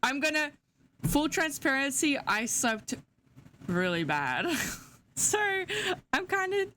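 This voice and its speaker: A woman's voice: high-pitched, huge pitch swings, slow pace, pushed and bright, a little hiss or hum. A young woman chatting casually to her live-stream chat, sleepy, giggly and yawning. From Australia.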